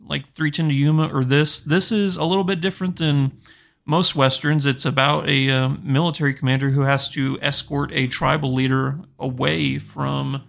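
A man co-hosting a movie podcast, talking in casual chat and halting with many "uh"s. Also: medium pitch, creaky, fairly bright tone. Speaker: podcast co-host.

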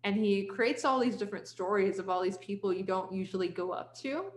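A woman talking in a relaxed, chatty way, retelling someone's story for a podcast. Her pitch sits in a plain middle range, and she fills her sentences with "like" as she slips into quoted lines. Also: brisk, reverberant, a little hiss or hum. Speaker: podcast host. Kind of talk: casual storytelling.

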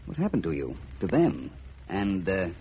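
Vance, a suave detective. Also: male voice, sits low, wildly swooping pitch, normal speed, slight background noise. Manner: urbane, dry and wry. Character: suave male gentleman detective, cool and wry. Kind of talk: 1940s radio acting. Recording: muffled old radio broadcast.

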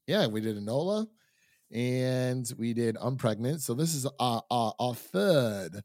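A man's voice: medium pitch, lively intonation, measured pace, a little mellow, no echo, studio quality. A young man from Ohio hosts a casual podcast, chatty and laughing often, with frequent fillers. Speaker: podcast host.

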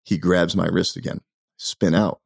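Deep gravelly man telling a story. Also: a little slow, no echo, studio quality. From United States. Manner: emphatic, animated storyteller. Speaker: podcast guest. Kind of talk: casual storytelling.

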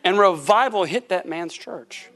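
A middle-aged male preacher with a fairly high voice, telling his story in an animated sermon. He acts out the voices of other people and laughs often as he goes. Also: unhurried. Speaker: pastor.

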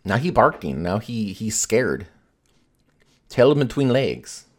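This man hosts a podcast, chatting casually in a rambling, profane way packed with fillers. His voice is lowish and very animated, though his pace is slow.

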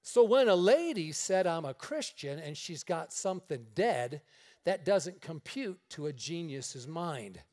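A man preaching a sermon on a radio broadcast, telling stories and acting out the dialogue with lively energy. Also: a little high, unhurried. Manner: animated storyteller acting out dialogue. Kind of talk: sermon storytelling.

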